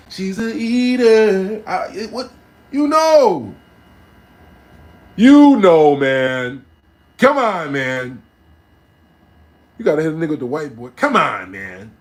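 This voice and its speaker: A man telling a personal story in a casual, slang-filled way, checking in with "right?" and "you know what I'm saying" as he goes. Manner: swings between low muttering asides and loud emphatic bursts.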